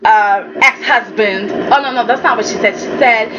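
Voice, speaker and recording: A high-pitched woman giving a chatty, opinionated recap in a sassy, blunt way. She argues with the characters as if they could hear her. The recording is dull and lo-fi, with a steady hiss of noise behind her. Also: fast. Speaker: soap opera reviewer. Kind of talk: casual recap and commentary.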